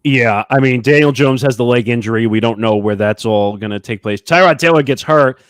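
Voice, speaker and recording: A man hosts a podcast segment on football betting, reading out matchups and spreads at a brisk clip. His voice is recorded dry and close, with no room sound. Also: medium pitch, clean tone, dry recording. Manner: brisk, announces games and lines. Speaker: podcast host running the segment. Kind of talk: casual sports betting talk.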